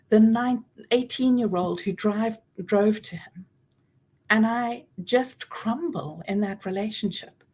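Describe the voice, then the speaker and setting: A woman in her forties giving a personal talk about trauma, earnest and reflective, with soft pauses and gentle emphasis. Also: a little high, slightly rough. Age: 40s. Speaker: speaker on trauma and healing.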